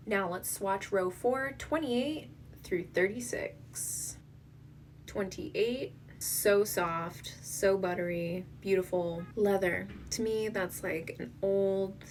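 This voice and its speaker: A woman's voice: mid-range voice, distant mic, a little hiss or hum. A woman reviewing an eyeshadow palette, gushing and emotional, often dropping to a whisper and tearing up. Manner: gushing, emotional, slow and breathy, dips into whispers. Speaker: beauty vlogger. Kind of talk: makeup swatch review.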